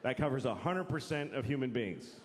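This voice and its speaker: A man's voice: mid-range voice, lively intonation, moderate pace. A man doing a stand-up comedy set, swearing freely and acting out the voices of the people in his stories. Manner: profane, acts out quoted voices. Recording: long hall reverb, faint noise.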